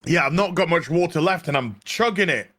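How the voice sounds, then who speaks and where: A man's voice: fairly high pitch, lively intonation, a little fast, a bit bright. A man ranting sarcastically and with a lot of swearing while reviewing a show. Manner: sarcastic, profane.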